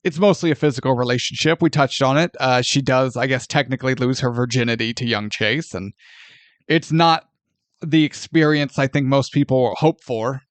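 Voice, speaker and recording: A man hosting a casual film review podcast, sarcastic and animated, swearing freely as he retells a plot. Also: medium pitch, normal speed, no echo.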